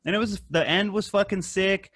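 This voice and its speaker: A man hosting a casual podcast, rambling and swearing a lot, with animated retellings of stories. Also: high-pitched, moderate pace, slightly rough, dry recording, clean studio sound. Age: adult with wife and kid. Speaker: podcast host. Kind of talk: casual profane chat.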